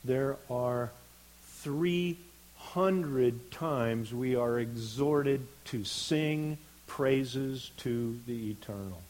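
A man delivers a sermon at a slow, deliberate pace, his voice sitting at an ordinary middle pitch. He speaks earnestly and lets his emphasis swell on the words he wants to land. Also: a little mellow, low-quality recording. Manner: earnest, unhurried, builds to emphatic stresses. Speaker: preacher.

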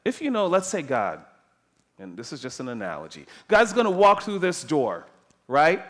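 Man, preacher, sermon, emphatic, slightly high voice, very lively pitch. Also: moderate pace. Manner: animated, emphatic, varies from soft to loud.

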